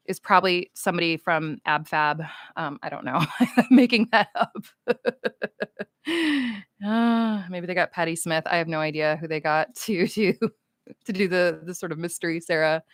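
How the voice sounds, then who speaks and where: A woman's voice: fairly low pitch, fairly bright tone, clean tone, dry recording, studio quality. A woman from the United States, chatting casually on a livestream with fans, goofy and rambling as she reads chat comments aloud.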